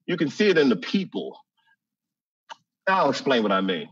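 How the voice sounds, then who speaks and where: A man from Chicago telling a humorous personal story, animated and laughing often as he acts out voices. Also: mid-range voice, moderate pace, husky, no room sound, highs cut off.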